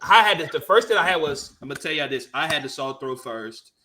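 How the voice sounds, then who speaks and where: A man from Africa telling a story in casual panel chat, animated, profane and laughing. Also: fairly high pitch, quick pace, noisy background. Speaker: panel guest, comedian.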